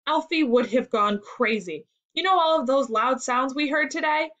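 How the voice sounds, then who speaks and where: A woman reading the lines of a patient adult male musician who explains clearly. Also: high voice, animated, normal speed, fairly bright tone, lo-fi sound, voice pushed up. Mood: explaining.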